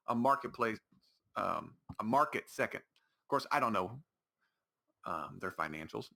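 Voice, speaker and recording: A man's voice: on the low side, animated, measured pace, creaky, long pauses, bright, forceful tone. A man hosting his own podcast, talking alone in a rambling, exasperated way with lots of restarts. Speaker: podcast host. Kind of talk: solo casual podcast monologue.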